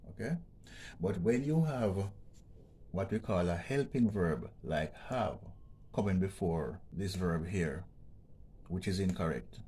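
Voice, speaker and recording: Teaching a grammar lesson for an educational vlog, a man explains things patiently, repeats every point, and checks in with "okay?" His voice is low-pitched, dark, and slightly rough.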